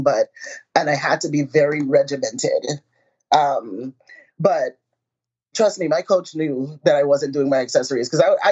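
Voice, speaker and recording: A woman powerlifter talking in a casual interview, animated and self-mocking, laughing as she tells stories. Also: deep voice, slightly rough. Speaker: powerlifter guest. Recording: muffled lo-fi audio.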